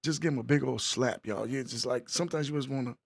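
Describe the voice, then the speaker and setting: A man's voice: mid-range voice, fast, gravelly, breathy edge. A man hosting his podcast, calling for applause and talking loosely about mental wellness. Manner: hyped crowd-work, repetitive, loose. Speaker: podcast host. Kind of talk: casual hosting monologue.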